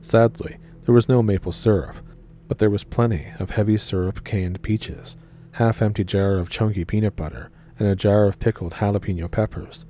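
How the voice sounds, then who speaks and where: A man with a low, very dark, mellow voice reads a listener's tale in a dry, deadpan way. A faint hiss sits under the recording. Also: normal speed. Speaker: story narrator. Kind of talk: reading a viewer story aloud.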